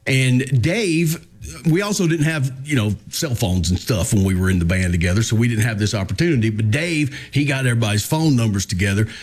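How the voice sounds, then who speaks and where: A man's voice: medium pitch, brisk. A man, hosting a radio show and telling a story in casual chat, acting out the lines of the people in it. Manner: animated, acts out quoted dialogue.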